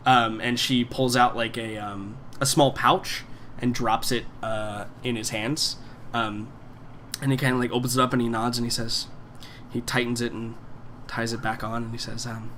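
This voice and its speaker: A man's voice: medium pitch, fairly even intonation, normal speed, fairly bright tone, a little hiss or hum. A man running a tabletop game as game master, narrating in a loose way full of fillers. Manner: casual, many fillers like "um" and "like".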